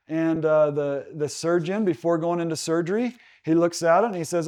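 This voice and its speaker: A man's voice: a little high, steady tone, warm tone, clear, resonant tone. A young adult man from Utah giving a seminar talk, telling a personal story with many fillers and restarts. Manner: halting, many fillers and restarts, gets emotional. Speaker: guest speaker.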